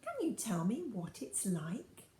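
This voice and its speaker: A woman voicing a cunning, enchanting witch queen, speaking slowly in a soft, cooing voice, with roomy echo. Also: medium pitch, huge pitch swings, a little hiss or hum. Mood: soft coaxing.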